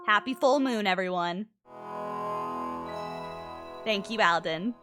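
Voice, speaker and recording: A woman live-streaming a game, chatting casually, greeting viewers by name and thinking her answers through out loud. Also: medium pitch, slow, music in the background.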